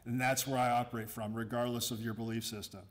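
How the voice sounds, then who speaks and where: A man's voice: medium pitch, flat delivery, quick pace. Joking middle-aged man addressing his staff. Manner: joking and sarcastic; conversational, with frequent asides and restarts. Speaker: Army garrison commander addressing staff. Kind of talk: informal introductory talk to a workforce. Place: room with an audience.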